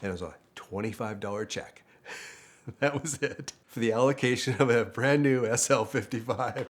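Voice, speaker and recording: A man's voice: medium pitch, normal speed. An older man, a former dealership manager, telling a casual story in a chatty way and acting out other people's lines. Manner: chatty, quotes others in lively voices, laughs often. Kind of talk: casual anecdote.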